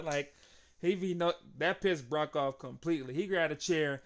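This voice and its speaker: A young man giving an excitable, casual recap of a wrestling match, laughing often and acting out the wrestlers' lines. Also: a little high, moderate pace. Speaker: wrestling show reviewer.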